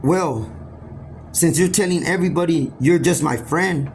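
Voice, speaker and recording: A woman's voice: sits low, measured pace, a little mellow, a little hiss or hum. A man reading the lines of a bold, teasing young woman who was once a wolf, in his own voice. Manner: teasing, direct.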